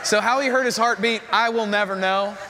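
A man's voice: sits high, fairly quick, a crowd in the background, background noise. A young adult man preaching a sermon in a church hall, telling stories and acting out what other people say. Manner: animated storytelling, voices others in quotes. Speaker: pastor.

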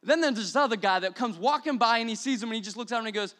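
A young man preaching a sermon as pastor, energetic and repetitive, building to exclamations. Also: very high voice, very fast, few pauses.

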